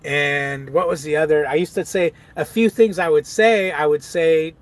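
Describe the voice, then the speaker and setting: A man's voice: on the high side, moderate pace. A truck-driving man in casual live-stream chat, laid-back, laughing often and reading viewer comments aloud. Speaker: truck driver vlogger.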